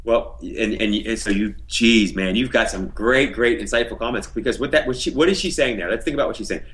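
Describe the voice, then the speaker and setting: Low-voiced man explaining thoughtfully. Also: a little fast, fairly bright tone, rough recording. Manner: reflective, explanatory, many fillers. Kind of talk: casual podcast discussion.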